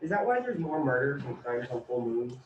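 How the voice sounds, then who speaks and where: Low-voiced woman student, offhand. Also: big pitch swings, brisk, dull audio. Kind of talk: casual classroom questions. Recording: echoey room, distant mic, background noise.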